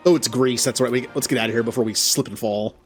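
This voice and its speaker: Male host for a game playthrough: casual, self-deprecating, talks his choices through out loud. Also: mid-range voice, fairly even intonation, fast talker, faint music behind. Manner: thinking aloud, chuckling, self-deprecating. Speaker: gaming channel host. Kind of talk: let's play commentary.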